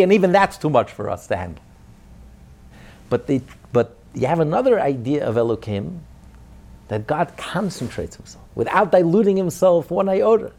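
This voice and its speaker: A man giving a Torah lecture as a rabbi, emphatic, moving between loud declarations and quiet asides, with Hebrew terms throughout. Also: a little high, vocal fry.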